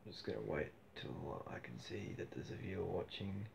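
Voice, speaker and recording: A man livestreaming from his phone, chatting casually and bluntly, cheeky and quick to get loud and heated. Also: low voice, animated, vocal fry, a little hiss or hum. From Australia.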